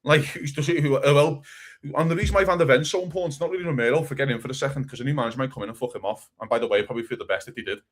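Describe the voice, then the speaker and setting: Fast-talking man. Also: medium pitch. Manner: rapid, animated, swears, acts out quotes. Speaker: podcast co-host. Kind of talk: casual football chat.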